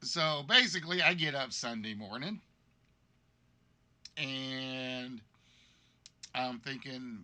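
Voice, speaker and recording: Slow and full of long pauses, a mid-range male voice carries a bright, forceful tone. He's hosting a game show livestream, chatting casually and rambling apologetically about his illness, his voice worn and congested by a cold.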